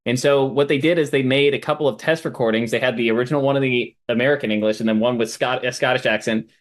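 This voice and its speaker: A man who is a guest on a film podcast, with a middling voice. He talks casually but hesitantly, often pausing on "uh" and restarting sentences as he recalls details. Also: medium pitch, fairly even intonation. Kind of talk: casual chat.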